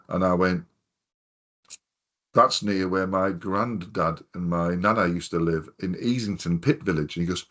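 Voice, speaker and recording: Man, Hartlepool accent, very low voice, podcast host, casual rambling anecdotes, frequent swearing. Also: moderate pace, fairly bright tone. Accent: North East English, Hartlepool. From North East England. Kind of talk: casual chat.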